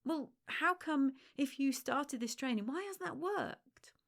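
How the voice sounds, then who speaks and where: A woman's voice: animated, measured pace, vocal fry, fairly bright tone, full character voice. A woman mimicking a smug, incredulous friend. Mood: mocking. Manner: mocking, incredulous, high and sing-song. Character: smug, condescending woman friend with a perfect dog.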